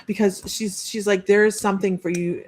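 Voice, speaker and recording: A woman's voice: mid-range voice, flat delivery, brisk. A woman working as a psychic medium, giving a chatty live-streamed reading and relaying messages with frequent restarts.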